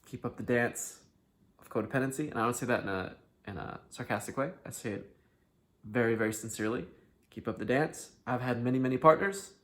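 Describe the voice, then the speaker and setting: Talking a little fast in a mid-range voice, a man speaks frankly to camera while hosting a self-help video. He alternates between quiet earnestness and loud, forceful bursts, with plenty of swearing.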